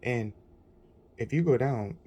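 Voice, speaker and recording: A man's voice: mid-range voice, expressive, slow pace, mellow. A man telling an indignant, rambling story about a bad experience, in a casual vlog. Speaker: vlogger.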